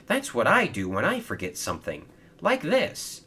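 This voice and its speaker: A man's voice: medium pitch, huge pitch swings, normal speed, pushed and bright, husky, pitched above the performer's own voice, full character voice. A man voicing a clumsy, nervous male forklift with a jittery manner.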